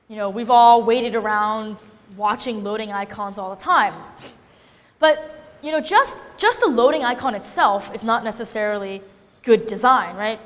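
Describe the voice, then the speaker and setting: Woman, casual lecture, animated, fairly high voice, long hall reverb. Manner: animated, often checks in with "right?".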